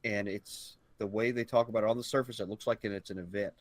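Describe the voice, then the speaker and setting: A man co-hosting a casual gaming podcast, with a fairly low voice. He speaks bluntly and emphatically and swears now and then. The recording is dry, with no room sound. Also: steady tone, fast, no echo. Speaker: podcast co-host.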